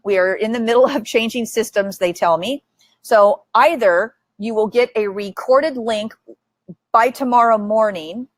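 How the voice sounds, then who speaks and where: A woman's voice: fairly high pitch, a little slow, dry recording. A woman hosting a webinar, talking in a direct, upbeat and chatty way. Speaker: webinar host. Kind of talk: casual webinar chat.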